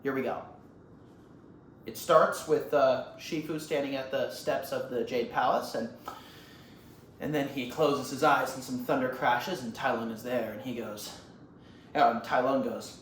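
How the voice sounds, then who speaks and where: A vlogger excitedly retelling a film scene, rambling and swearing for laughs. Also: mid-range voice, unhurried, pauses often, roomy sound, slight background noise. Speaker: comedy vlogger.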